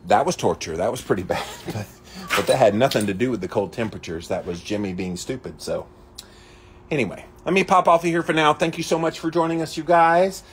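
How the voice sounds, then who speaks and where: Brisk and medium-pitched, a man hosts a casual livestream outdoors, with a little hiss or hum on the recording. Chickens cluck around him while he emphatically says hello to viewers by name.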